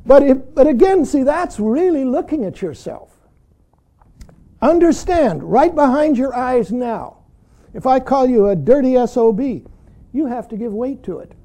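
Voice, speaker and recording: A man's voice: very high voice, animated, measured pace, mellow. A man giving a dharma talk to his students as a Zen teacher, emphatic and chuckling, with "see" after nearly every thought. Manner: emphatic, keeps saying "see", chuckles often.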